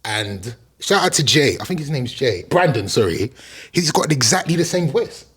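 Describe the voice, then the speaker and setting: A man co-hosting a podcast who tells stories in an animated, bantering way. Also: medium pitch, normal speed, breathy edge. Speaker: podcast co-host. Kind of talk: casual chat.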